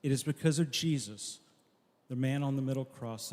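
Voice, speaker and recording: A man preaching a memorial sermon, telling a story earnestly and dropping soft at key lines. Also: medium pitch, moderate pace. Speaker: pastor at a memorial service. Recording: long echo of a large hall.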